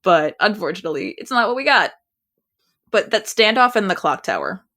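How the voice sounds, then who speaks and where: A woman co-hosting a podcast in casual chat, rambling and animated, restarting sentences as she goes. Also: mid-range voice, a little fast. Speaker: podcast co-host.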